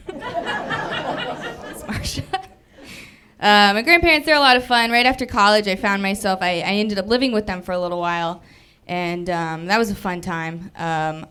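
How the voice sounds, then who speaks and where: A woman's voice: medium pitch, a bit bright, a little hiss or hum. A young woman in her twenties performing a chatty, self-deprecating stand-up set on a theater stage. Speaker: stand-up comedian. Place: movie theater stage before a live audience.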